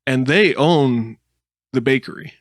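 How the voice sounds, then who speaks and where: A man's voice: medium pitch, unhurried, no room sound, studio quality. A man co-hosting a podcast, telling a made-up story in casual chat with lots of laughs. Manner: animated storytelling with laughs and silly put-on voices. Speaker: podcast co-host.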